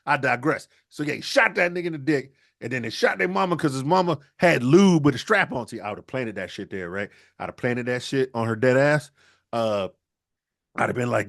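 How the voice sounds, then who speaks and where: A man co-hosting a podcast, riffing crudely through loud, animated comedic storytelling. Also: mid-range voice, brisk, gravelly. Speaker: podcast co-host.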